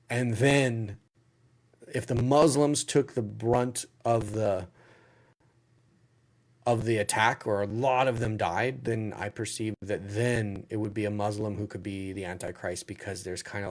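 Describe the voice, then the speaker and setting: A man hosting a casual livestream Q&A, reading out viewer questions and answering them bluntly as he thinks aloud. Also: on the low side. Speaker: livestream Q&A host.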